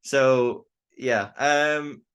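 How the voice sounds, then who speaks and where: A young man talks through a wrestling episode in a loose, unscripted way. He stumbles and repeats words, restarts his thoughts and keeps rambling on at a middling pitch. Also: drawn-out words, fairly bright tone, clear, resonant tone. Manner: rambling, stammers and restarts often. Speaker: wrestling show reviewer. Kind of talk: casual spoken review.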